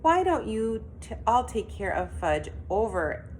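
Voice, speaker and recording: A woman voicing a harried young mother in a read-aloud storybook, talking in a fretful, hurried way. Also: a little high, sing-song, darkish tone, slight background noise, pitched above the performer's own voice.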